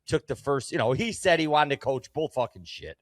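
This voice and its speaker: A man's voice: a little high, very animated, a little fast, no room sound, studio quality. A man co-hosting a casual sports betting talk show, speaking bluntly and emphatically with plenty of swearing. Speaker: co-host.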